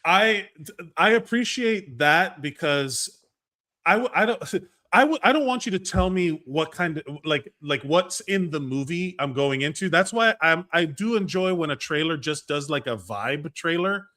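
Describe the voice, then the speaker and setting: A man's voice: fairly high pitch, lively intonation, measured pace, bright, forceful tone. A man co-hosting a podcast, giving emphatic opinions and circling back to finish his thoughts in casual chat. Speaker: podcast co-host.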